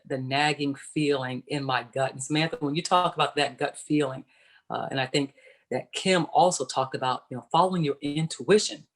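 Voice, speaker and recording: A woman in her forties, a former pro athlete, telling her personal story on a virtual panel over a video call, conversational and explaining as she goes. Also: low-pitched. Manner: conversational, explains and checks in with "right?". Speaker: panelist, former professional basketball player.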